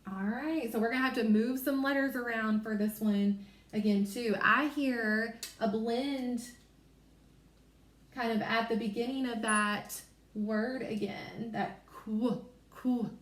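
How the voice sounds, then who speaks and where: A woman teacher takes a young class through a phonics lesson, stretching out each sound so the children can follow. Her voice sits a little high, and she talks at a very slow, careful pace. The room around her is echoey. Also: steady tone. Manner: slow, sounding out letters and word parts.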